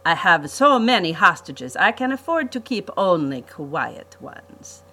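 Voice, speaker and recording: A woman's voice: fairly low pitch, sing-song, unhurried, sharp tone, exaggerated voice. A woman voicing a villainous male count who gleefully lords it over his captives, sing-song and menacing. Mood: sing-song menace.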